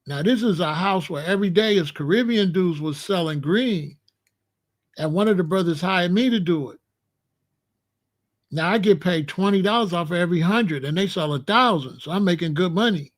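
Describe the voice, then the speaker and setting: A man's voice: high voice, moderate pace. A man from Chicago, hosting his show, telling a story in a casual, slangy monologue and acting out the other people's lines. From Chicago, USA. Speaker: show host.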